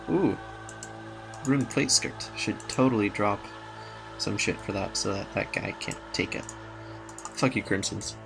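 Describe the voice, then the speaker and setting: A young man talks through his gameplay in a loose, rambling way, drifting between mumbles and playful asides. His voice sits a little low with a gravelly edge. Faint music plays behind him. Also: fairly even intonation, moderate pace. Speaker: gaming channel host. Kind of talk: casual gameplay commentary.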